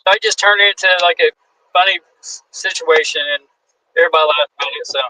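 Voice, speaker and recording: A man in his forties, a guest wrestler, telling a story in a casual, animated way, acting out the quotes and swearing freely. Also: a little high, fast, no echo, low-quality recording. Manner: animated, acts out quotes in shifting voices.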